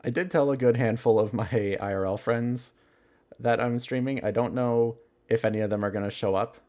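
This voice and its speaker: A man's voice: medium pitch, steady tone, moderate pace, a little mellow, lo-fi sound. A man chatting casually on a livestream, musing aloud and chuckling often as he answers his chat.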